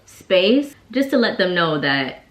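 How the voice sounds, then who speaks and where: A woman with a lowish voice tells a personal story in a loose, chatty way, scattering "like" through her sentences. It sounds like a relaxed vlog storytime, and the sound carries a noticeable echo from the room. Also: takes it slowly. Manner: chatty, lots of "like" fillers. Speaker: vlogger. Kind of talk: casual storytime while getting ready. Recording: echoey room.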